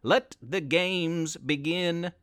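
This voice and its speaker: A man voicing a sinister cave monster who talks in a slow, drawn-out, menacing way. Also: a little high, a bit bright, no echo, clean studio sound.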